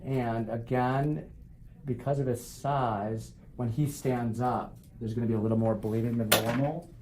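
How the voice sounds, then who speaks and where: He's a foot doctor at work in a clinic treatment room, calmly explaining the procedure he's doing and joking with his patient. Medium pitch, unhurried delivery, a little background noise.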